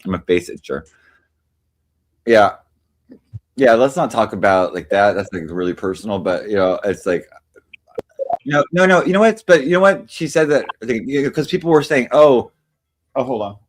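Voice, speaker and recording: A man's voice: medium pitch, animated, normal speed, long pauses, slight background noise. A young man in casual chat, rambling and unsure of himself. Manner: hesitant, rambling, many "I don't know"s.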